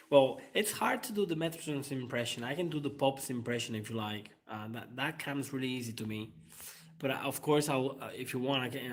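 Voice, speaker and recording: A man's voice: mid-range voice, a little hiss or hum. A man hosts his own channel in a loose, rambling live-stream chat. He fills his sentences with hesitations and breaks into laughter often. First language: Italian. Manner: rambling, frequent fillers and laughter. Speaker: channel host.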